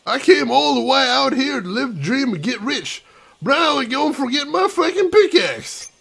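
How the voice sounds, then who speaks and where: A man voicing a boastful rough male prospector in an exaggerated Scottish accent. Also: extremely high pitch, very animated, moderate pace, pushed and bright, voice pushed up, exaggerated voice. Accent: over-the-top Scottish.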